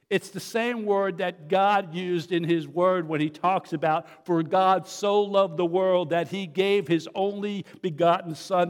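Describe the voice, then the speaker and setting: A middle-aged male pastor preaches in an easygoing, anecdotal way, stumbling and restarting now and then. His voice sits a little high for a man. The sound carries the long reverb of a large church hall. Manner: conversational, folksy, with fillers and restarts. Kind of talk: sermon with storytelling.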